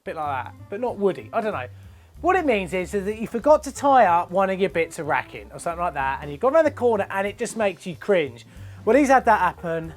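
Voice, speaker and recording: A man's voice: sits high, big pitch swings, fast talker, faint music behind. A man hosting a plumbing show, chatting casually and jokily about viewers' photos. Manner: jokey, chatty, laughs often. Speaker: host of a plumbing channel.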